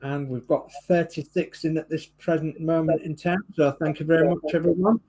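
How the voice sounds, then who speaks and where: A man's voice: fairly high pitch, steady tone, normal speed, dark tone, husky, poor audio. A man co-hosting a live stream, reading out viewers' greetings in a friendly way. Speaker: livestream co-host.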